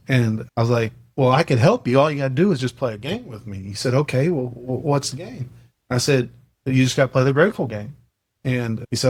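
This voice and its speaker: A middle-aged man on a podcast speaks in a mid-range voice and tells a family story in an earnest, animated way. He acts out each exchange of the dialogue as he goes. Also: medium pitch, quick pace, slightly rough. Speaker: podcast host sharing a coaching program. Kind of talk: casual podcast chat, storytelling.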